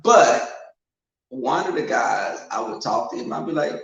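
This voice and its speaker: A man telling casual stories at home, animated and loud when he quotes people, in an echoing room. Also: a little slow, creaky. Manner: animated, swings loud and high when quoting. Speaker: storyteller. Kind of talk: casual storytelling. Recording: roomy home echo, muffled sound.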